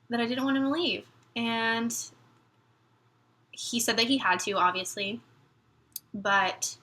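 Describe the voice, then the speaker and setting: A young woman talks straight to her viewers in a slightly high, bright voice. She rambles and halts, fighting back tears as she speaks. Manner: rambling, halting, tearful. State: near tears. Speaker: military spouse vlogger. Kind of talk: emotional personal vlog talk.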